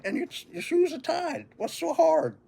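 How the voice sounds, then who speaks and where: A man's voice: very high voice, very animated, normal speed, gravelly, mellow, voice pushed up, heavily acted. An older man putting on a brash, boastful young schoolboy. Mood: coaxing. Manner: brash, teasing.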